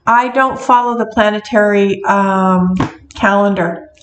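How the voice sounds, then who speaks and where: A middle-aged woman chats casually to her viewers, rambling along with plenty of ums and restarts. Her voice sits at an ordinary pitch and carries a clear echo from the room around her. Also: measured pace, slight background noise. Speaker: witch and metaphysical shop owner. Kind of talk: casual talking-to-camera vlog. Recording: echoey room.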